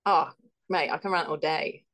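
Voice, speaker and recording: A woman's voice: low-pitched, fairly even intonation, normal speed, fairly bright tone. A woman who works as an actor and writer, a podcast guest who chats in a bubbly, self-deprecating way. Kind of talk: casual interview.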